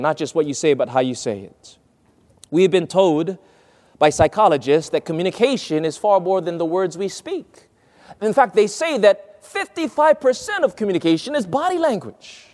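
A man's voice: sits high, darkish tone, in a large hall. A man giving a sermon-style lesson on speaking, stressing key words and calling his listeners friends. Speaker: preacher teaching on speech. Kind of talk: sermon lecture with quoted readings.

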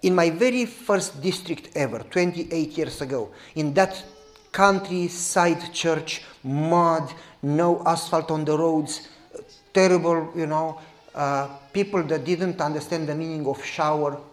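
A man, preaching as a pastor and telling a story in a lively, direct way. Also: a little high, unhurried, reverberant. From Romania. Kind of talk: sermon storytelling.

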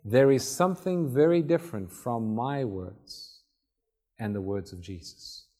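A man's voice: mid-range voice, big pitch swings, unhurried, mellow. Man preaching a conversational sermon. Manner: conversational, acts out Bible scenes.

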